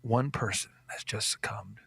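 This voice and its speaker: A man's voice: on the low side, moderate pace, vocal fry, breathy edge, no echo, voice pushed down, exaggerated voice. A man imitating a male TV news anchor who uses a fake sentimental, mock-solemn voice. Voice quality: soft, syrupy, mock-solemn.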